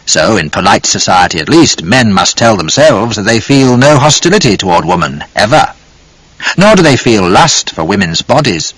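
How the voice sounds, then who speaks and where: Male reader doing tall foreign stranger, guarded yet kind, low measured delivery, dry close sound. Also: sing-song, fairly bright tone, husky, no echo, full character voice, rough recording. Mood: animated. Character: tall foreign man, guarded but compassionate.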